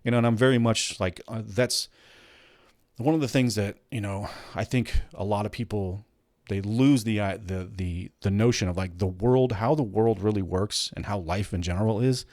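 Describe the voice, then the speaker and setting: A man's voice: on the low side, moderate pace, darkish tone, dry recording, studio quality. A man hosting a casual commentary show, ranting bluntly and swearing, with many restarts. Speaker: host.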